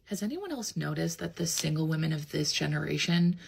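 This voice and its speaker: Woman, low husky voice, gravelly, earnest praise. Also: expressive, fairly quick. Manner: earnest, admiring. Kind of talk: earnest talk to camera.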